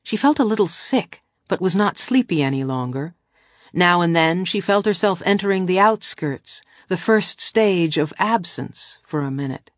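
A woman reading a novel aloud in a measured, even storytelling voice. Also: fairly low pitch, no echo, clean studio sound. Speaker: audiobook narrator. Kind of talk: scripted narration of a novel.

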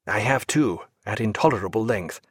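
A man's voice: fairly low pitch, expressive, moderate pace, slightly rough, no echo. A reserved, wry ship's doctor, as a man reads him aloud. He speaks courteously and without hurry. The sound is close and dry.

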